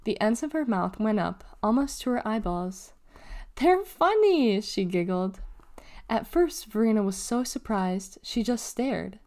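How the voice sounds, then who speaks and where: A woman reading a children's novel aloud with measured, expressive storytelling. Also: mid-range voice. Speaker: reader of children's books.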